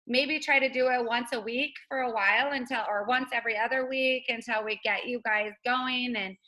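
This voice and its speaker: A woman's voice: on the high side, steady tone, moderate pace, sharp tone, low-quality recording. A woman hosting a casual team video call, chatty and upbeat, laughing often.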